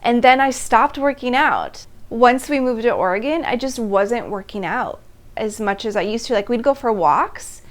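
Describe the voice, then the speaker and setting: A woman in her thirties, speaking with a voice pitched a little above most women's. She hosts a personal storytelling monologue in an animated, open way, laughing between phrases and briefly acting out how she reacted back then. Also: moderate pace. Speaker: host.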